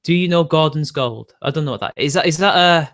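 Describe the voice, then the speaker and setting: A man live-streaming and answering his chat in a rambling way, quickly getting riled and swearing. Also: fairly high pitch, fairly bright tone.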